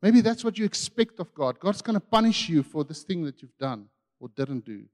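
A man preaching a sermon with passion, swinging between loud and hushed. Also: on the high side, sing-song, moderate pace, big-room sound.

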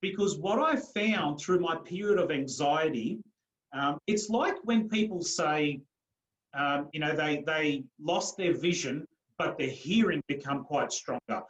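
A man with a slightly high voice tells his own story as an interview guest, earnest and emphatic throughout. He tends to double up his words as he builds toward a point. The room around him adds a clear echo to every phrase. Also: unhurried. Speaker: guest, coach and mentor. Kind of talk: personal storytelling in a podcast interview.

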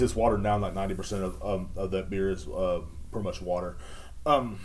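A man's voice: low voice, steady tone, fairly quick, slight background noise. A man hosting a casual solo podcast, rambling through jokey stories with lots of fillers. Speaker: podcast host.

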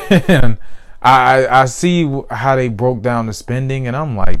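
A man's voice: mid-range voice, measured pace, a bit bright, smooth. A man hosting a casual solo podcast, laid-back, repeating his phrases and laughing easily. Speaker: podcast host. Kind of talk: casual solo sports and news chat.

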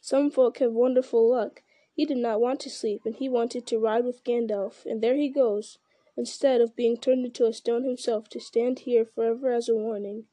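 A woman's voice: a little high, steady tone, moderate pace, dark tone, lightly acted. Woman reading as a wry young hobbit. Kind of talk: reading a fantasy novel aloud.

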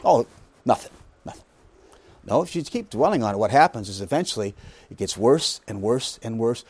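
A man's voice: mid-range voice, lively intonation, moderate pace, darkish tone, breathy edge. A man preaching a Bible lesson, emphatic, asking rhetorical questions and making joking asides. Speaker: pastor teaching a Bible study. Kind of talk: sermon.

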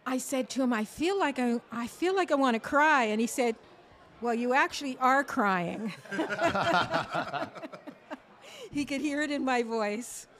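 A woman from Ontario, a guest on a podcast, speaks slowly and reflectively with a high voice. She recounts a personal story in a calm, conversational manner. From Ontario, Canada. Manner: slow, reflective. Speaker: guest, foundation co-founder. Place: sports bar studio.

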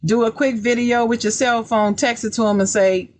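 A woman hosting a podcast, giving advice in a casual chat with a deliberately raised, emphatic voice that repeats key words. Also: a little high, steady tone, no echo. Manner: deliberately raised, loud speaking voice. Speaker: podcast host.

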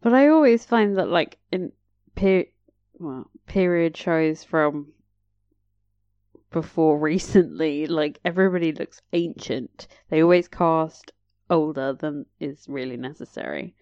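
A woman casually reacting to a period drama she is watching, wry and chatty and quick to laugh. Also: deep voice, a little mellow, dry recording, muffled recording.

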